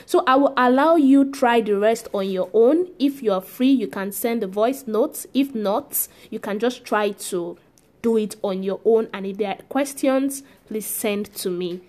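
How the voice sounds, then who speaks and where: A woman's voice: on the high side, a little mellow. A woman teaching a French pronunciation lesson, patient and repetitive, drilling each sound several times. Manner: slow, patient, drills sounds by repeating them. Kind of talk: spoken language lesson.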